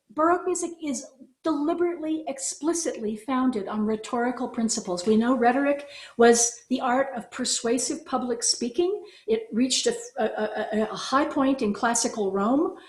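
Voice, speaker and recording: A woman teaching an online music class from home, explaining in a lively, conversational way and often checking in with "right?". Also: on the high side, roomy sound.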